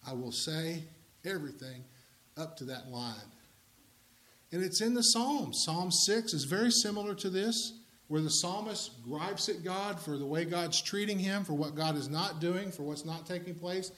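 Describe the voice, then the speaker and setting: A man's voice: fairly high pitch, fairly bright tone. A man preaching a sermon in a conversational way, with humorous asides to the congregation.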